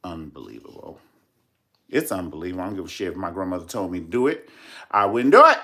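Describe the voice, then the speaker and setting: A man's voice: sits low, big pitch swings, rapid-fire, bright, forceful tone. A man hosting a casual celebrity gossip vlog, sassy, dramatic and profane, calling his viewers "honey" again and again. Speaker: vlogger host.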